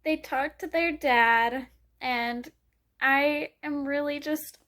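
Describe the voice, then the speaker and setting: A woman's voice: high-pitched, fairly even intonation, takes it slowly, a bit bright. A young woman vlogging casually about a book she is reading, gushing and emotional, laughing often.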